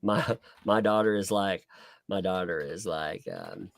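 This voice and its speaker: A man's voice: low-pitched, a little slow. A man hosting a casual live talk show, joking and laughing often with his co-host. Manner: laughs often, jokey banter. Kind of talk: casual chat.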